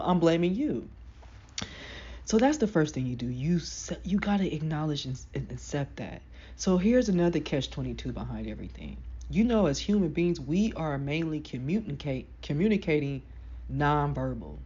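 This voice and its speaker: Deep-voiced woman giving frank advice. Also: dark tone, slightly rough, highs cut off. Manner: frank, emphatic, conversational, with slang. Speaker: self-help vlogger. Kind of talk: casual motivational talk to camera.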